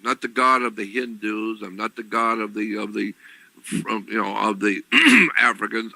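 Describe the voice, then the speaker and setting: A man giving an explanatory talk on religion, deliberate and repetitive, often clearing his throat. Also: fairly low pitch, animated, pushed and bright, dry recording, rough recording. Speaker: lecturer on religion.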